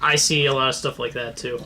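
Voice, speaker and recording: A podcast co-host chatting casually in a hesitant manner, often pausing mid-sentence. The voice is bright and forceful. Faint room noise sits behind it. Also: medium pitch. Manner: hesitant, halting, with many fillers. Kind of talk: casual comedy podcast chat.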